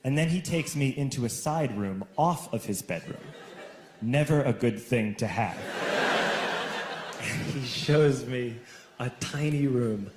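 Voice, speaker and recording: A young man telling a stand-up story with punchy comic timing and sudden shouted bursts, on a club stage. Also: medium pitch, a little slow. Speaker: stand-up comedian. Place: club stage before a laughing audience. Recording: echoey room with audience noise.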